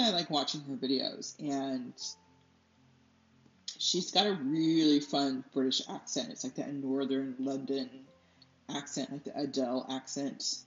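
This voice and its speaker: A woman artist chatting casually as she paints, rambling and losing her train of thought, laughing often, a little stuffy from allergies. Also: low-pitched. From United States. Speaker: artist and channel host. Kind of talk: casual chat while painting. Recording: slightly dull, roomy, faint music.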